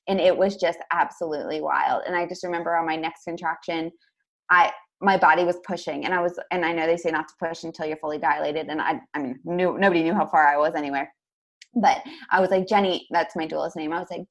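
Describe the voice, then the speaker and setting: A woman's voice: fairly low pitch, fairly even intonation. A young woman telling a personal story as a podcast guest, chatty and full of fillers. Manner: fast, chatty, lots of "like". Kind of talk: casual storytelling.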